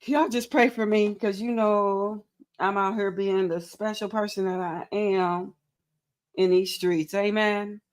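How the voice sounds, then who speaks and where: A woman's voice: medium pitch, steady tone, a little slow. A tired, goofy woman hosting a casual crochet livestream, giggling often as she greets viewers and reads chat aloud. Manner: goofy, playful, self-mocking.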